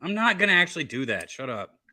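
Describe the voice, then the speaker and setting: A man with a very bright, sharp voice co-hosts a podcast with crude banter. His pitch jumps around a lot as he talks. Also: very animated, quick pace, dry recording. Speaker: podcast co-host. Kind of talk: casual chat.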